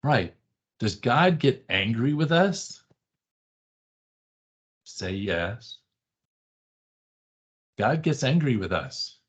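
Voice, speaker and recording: In a dull, lo-fi classroom recording, a man teaches Bible study with great animation, drawing out his words and leaving long pauses. His voice is mid-range and slightly rough, and he stays conversational and emphatic, repeating short phrases and often asking "right?"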